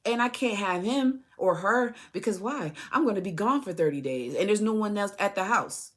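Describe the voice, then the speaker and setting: A woman's voice: mid-range voice, lively intonation, moderate pace. A woman speaking directly to her son in a personal podcast monologue, telling an impassioned story full of rhetorical questions and restarted phrases. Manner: heated, repeats and restarts phrases. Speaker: mother addressing her son.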